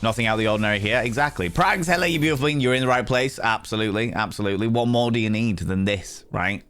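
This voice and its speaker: A man's voice: mid-range voice, quick pace, a bit bright, clean tone, faint music behind. A man chatting casually on a live stream in a flamboyant, theatrical, camp manner, reading out and thanking his chat.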